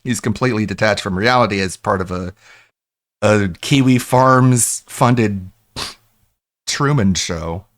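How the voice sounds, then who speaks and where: A man's voice: lowish voice, unhurried, fairly bright tone. A man commenting sarcastically on a clip during a live stream.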